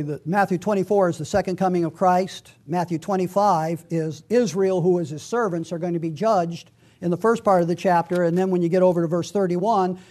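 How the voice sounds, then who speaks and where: A man preaching a conversational, verse-by-verse Bible teaching, reading scripture slowly and with emphasis. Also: high-pitched, a little mellow. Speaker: pastor.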